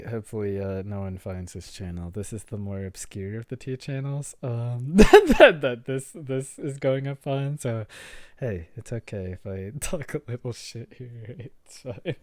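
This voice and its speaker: A man's voice: medium pitch, darkish tone, dry recording. A man co-hosting a casual podcast, rambling and joking with frequent laughter. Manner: laughs often, rambling and jokey. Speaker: podcast co-host and streamer. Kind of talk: casual chat.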